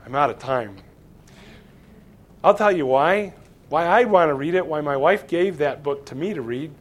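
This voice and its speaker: Man reading a storybook aloud. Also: fairly high pitch. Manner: earnest, with small slips and self-corrections. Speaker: speaker reading to an audience. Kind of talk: reading a children's book aloud, then speaking to an audience.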